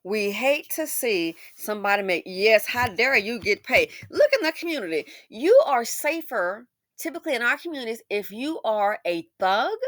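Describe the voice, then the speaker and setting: A woman host giving impassioned social commentary, swinging between loud emphasis and hushed asides. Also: fairly high pitch, no room sound, clean studio sound.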